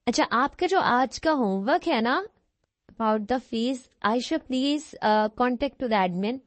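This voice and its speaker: A woman's voice: a little high, lively intonation, fast talker, no echo. A woman teaching an online English class who switches between English and Hindi-Urdu and reassures her students often. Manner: reassuring, repeats okay.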